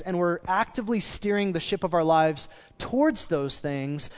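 A man's voice: sits high, big-room sound. A man preaching a sermon as pastor, talking in a casual, conversational way, with restarts and asides.

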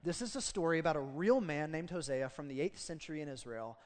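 A man preaching a casual, animated sermon as pastor of a church. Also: on the high side, fast talker, big-room sound. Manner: conversational, animated storytelling.

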